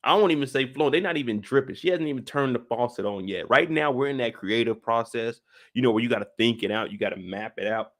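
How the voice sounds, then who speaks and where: Male live-stream host, casual recap talk, jokey and animated, mid-pitched voice that jumps high when excited. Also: quick pace.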